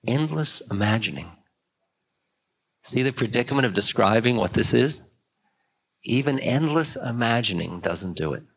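An older man giving a spiritual talk, musing slowly with long pauses. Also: mid-range voice, lively intonation, creaky, breathy edge, rough recording. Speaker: spiritual teacher. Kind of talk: dharma talk.

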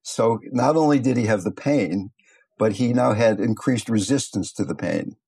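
Older man with a gravelly, husky voice. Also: on the low side. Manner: calm, unhurried, reflective, with small restarts. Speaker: meditation teacher. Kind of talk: teaching talk with storytelling.

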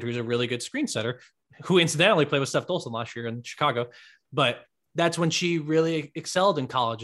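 A man's voice: medium pitch, a bit bright. A man hosting a podcast in casual chat, talkative and enthusiastic. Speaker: podcast host.

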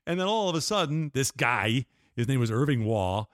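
A man's voice: medium pitch, sing-song, normal speed, no echo, studio quality. An older man, a guest on an interview show, telling rambling stories with restarts and laughs. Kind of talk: casual storytelling interview.

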